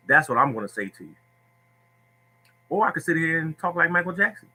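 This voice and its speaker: A man's voice: medium pitch, fast, pushed and bright, poor audio. A man hosting a lottery tips livestream who speaks bluntly and preachily, repeating himself as he answers viewers.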